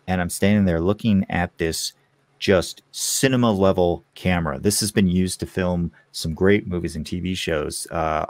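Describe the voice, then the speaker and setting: A man guesting on a podcast, chatting casually and telling candid, animated stories. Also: low voice, no room sound.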